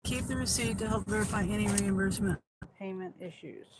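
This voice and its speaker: A woman's voice: mid-range voice, brisk, very noisy. A woman vlogging casually from her car about her delivery gig, muttering to herself with frustrated asides. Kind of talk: casual talking while driving.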